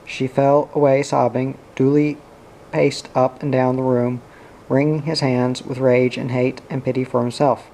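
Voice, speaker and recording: Man reading a novel aloud, mellow. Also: medium pitch, flat delivery, measured pace, slight background noise, low-quality recording. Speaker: audiobook reader.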